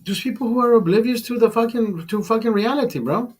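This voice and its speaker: A man's voice: very high-pitched, a little fast, a little mellow, breathy edge. A man hosting a casual live chat over beers, rambling and swearing freely as he tells stories. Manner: rambling, profane, calls listener brother. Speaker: livestream host.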